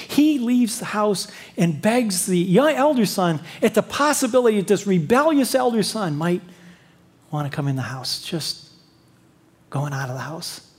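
Husky guy giving a sermon, really lively up-and-down voice, storytelling with lots of "see?". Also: sits high. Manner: lively storytelling, rhetorical questions. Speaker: preacher.

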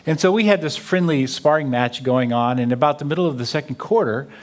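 A man's voice: medium pitch, brisk. A man giving a talk to an audience, telling a humorous story full of quoted dialogue. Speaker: speaker on theology.

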